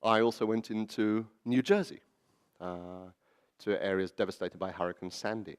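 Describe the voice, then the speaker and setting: A man giving a storytelling talk at a public event, animated and fond of acting out quoted voices. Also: lowish voice, moderate pace, clean tone. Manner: animated, acts out quoted voices and laughs at his own stories. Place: library event hall.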